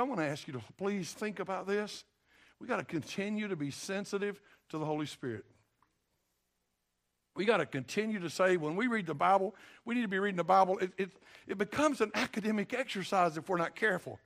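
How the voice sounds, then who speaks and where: In a church sanctuary, an older pastor delivers a sermon with a high-pitched, slightly bright voice. He's folksy and emphatic, continually prompting the congregation to respond.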